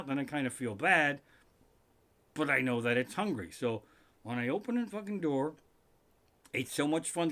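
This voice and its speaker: Man, comedian, living room live stream, somewhat high voice, bright tone, profane rant. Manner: profane, ranting, animated outbursts. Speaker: comedian host.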